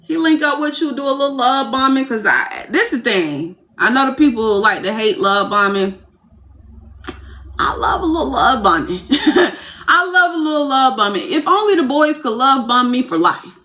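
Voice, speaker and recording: Young woman, livestream rant, bright lively voice, brash and profane. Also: sits high, normal speed. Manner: brash, profane and animated, swooping into giddy squeals.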